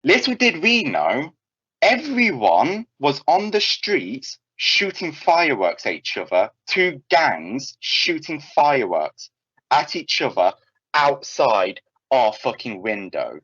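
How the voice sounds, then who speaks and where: A young man telling a casual anecdote in an animated way, swearing freely and often restarting his sentences. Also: medium pitch, slow, husky, dry recording. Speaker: storyteller. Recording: dull, lo-fi, dry sound.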